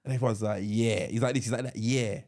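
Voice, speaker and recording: A man's voice: mid-range voice, racing. A man co-hosting a podcast, casually retelling a film scene in a rambling, laughing way. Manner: rambling storyteller, animated and laughing. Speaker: podcast co-host. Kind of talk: casual chat.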